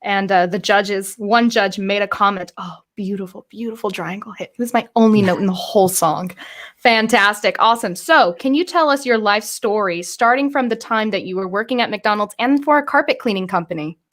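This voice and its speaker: A woman hosting a live-streamed career interview, bubbly and excitable, often stumbling over her words. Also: mid-range voice, moderate pace. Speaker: host.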